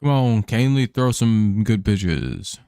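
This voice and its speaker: Low-voiced man casually hosting a stream. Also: big pitch swings, slow, dark tone, smooth, no echo, studio quality. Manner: rambling and offhand, calling the count. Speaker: live stream host. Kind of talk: casual chat while watching a baseball game.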